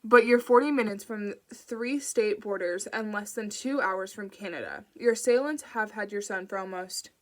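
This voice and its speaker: A brisk, wry FBI agent, as a woman reader plays her, matter-of-fact and a little dry. She delivers her lines plainly with a touch of humor. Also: medium pitch, natural voice.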